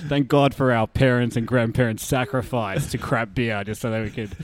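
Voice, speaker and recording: A man's voice: medium pitch, moderate pace. Chatty Australian man on a podcast. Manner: chatty and animated, many fillers, laughs often. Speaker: guest, brewery tour operator. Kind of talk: casual podcast interview.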